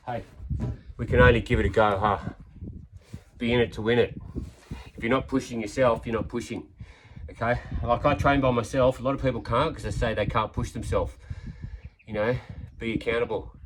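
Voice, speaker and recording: Here a man in his fifties narrates his outdoor exercise routine for a vlog, tallying reps and cheering the viewer on in friendly coach talk. His pitch is medium and his pace moderate. The low-quality recording picks up slight background noise.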